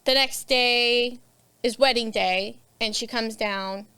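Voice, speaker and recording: A woman's voice: a little high, steady tone, slow pace, bright, forceful tone, clear, resonant tone. A woman co-hosting a casual book podcast, recapping a novel's plot and acting out the characters' lines. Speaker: podcast co-host. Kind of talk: casual book club chat.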